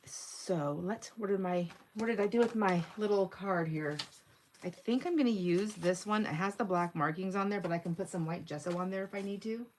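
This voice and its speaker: A woman's voice: mid-range voice, moderate pace, slight background noise. A woman in her sixties hosting a crafting livestream, chatting casually and giggling as she narrates each step of her work. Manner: chatty, giggly, thinks aloud while working.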